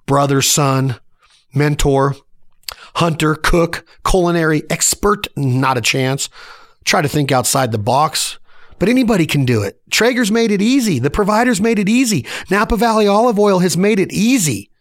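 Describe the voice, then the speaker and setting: A man's voice: a little high, expressive, normal speed. A man in his forties hosting a podcast, giving a fired-up motivational solo rant in punchy, emphatic short sentences. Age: 40s. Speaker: podcast host.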